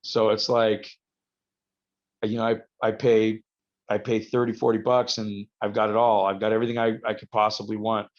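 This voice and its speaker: A man, a wrestler being interviewed, telling rambling stories with halting restarts. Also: fairly low pitch, little pitch movement. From United States. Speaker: guest, professional wrestler. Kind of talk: casual podcast interview. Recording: slightly dull lo-fi audio.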